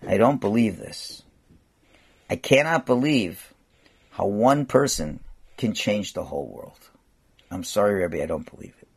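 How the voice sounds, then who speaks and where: A man's voice: on the low side, animated, unhurried, vocal fry, long pauses, husky, exaggerated voice. A man quoting a secular doctor who speaks hesitantly and apologetically, in a subdued tone. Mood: apologetic. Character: secular male doctor, humbled and moved.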